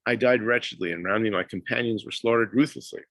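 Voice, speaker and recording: A man reading aloud as a bitter, proud dead king, with halting pauses. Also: on the low side, a bit bright, no echo.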